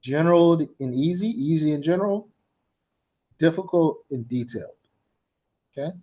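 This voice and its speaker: A man's voice: on the high side, moderate pace, mellow. Emphatic man lecturing on teaching. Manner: emphatic, repeats points for stress; blunt and informal. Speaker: TESOL instructor.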